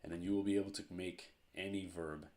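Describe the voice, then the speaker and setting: A man teaching a grammar lesson at a board, slow and deliberate, repeating each verb form. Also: low-pitched, fairly even intonation, a little mellow.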